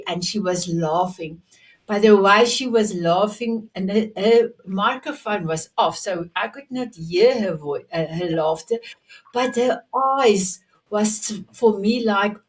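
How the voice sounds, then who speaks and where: A woman hosts an online author show, heaping praise on her guest in an effusive way, with frequent halting restarts and repeated words. Her voice sits in a middle pitch and comes over a video call from a little way back from the mic. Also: distant mic. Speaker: host.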